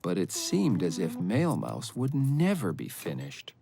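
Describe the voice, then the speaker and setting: A woman narrating a children's cartoon story in a gently amused storytelling manner. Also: extremely low pitch, huge pitch swings, measured pace, vocal fry, background noise. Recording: narration over cartoon music.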